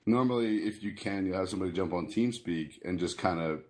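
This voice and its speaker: A man's voice: low-pitched, fairly quick. A man hosting a casual gaming podcast, telling stories animatedly with lots of swearing and laughter. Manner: animated, profane, laughs often. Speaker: podcast host.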